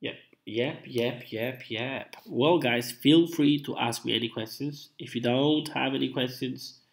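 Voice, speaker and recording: Slow-talking sick Italian man. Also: mid-range voice, gravelly. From Italy. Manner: slow, repetitive, drawn-out. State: sounding sick. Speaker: live streamer. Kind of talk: casual live stream chat.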